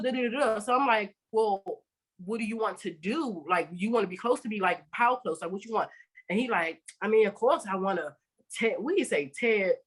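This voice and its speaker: A woman's voice: medium pitch, fairly bright tone, slightly rough, low-quality recording. A woman hosting a podcast, telling a story in casual chat and acting out both sides of the dialogue with plenty of swearing. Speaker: podcast host.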